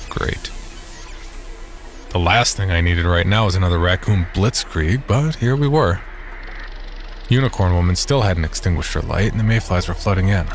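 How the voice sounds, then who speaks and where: A man narrating a horror audio drama in first person, wry and deadpan. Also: low voice, background noise.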